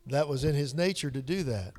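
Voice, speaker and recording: A man's voice: on the high side, fairly quick, a little hiss or hum. Preacher man in a reverberant hall. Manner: swings from hushed whispers to loud emphatic peaks. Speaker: pastor. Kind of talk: sermon.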